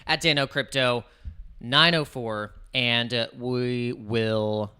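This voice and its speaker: Bright, crisp-voiced male crypto streamer. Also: mid-range voice, fairly even intonation, slow pace. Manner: chatty, rambling, hypes viewers up. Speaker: crypto livestream host. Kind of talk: casual livestream talk.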